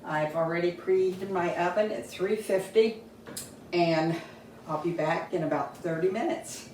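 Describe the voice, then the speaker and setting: A woman's voice: on the low side, a little slow, darkish tone, far from the mic, a little hiss or hum. A woman cooking in her home kitchen, chatting casually and tasting her dish as she shows a family recipe. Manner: homey, chatty, tastes food while talking. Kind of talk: casual cooking video chat. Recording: echoey kitchen, voice a bit off-mic.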